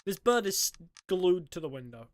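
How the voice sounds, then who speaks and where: A woman's voice: fairly low pitch, very animated, normal speed, dry recording. A woman streamer giving sarcastic, joking commentary while playing a horror game. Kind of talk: let's-play commentary.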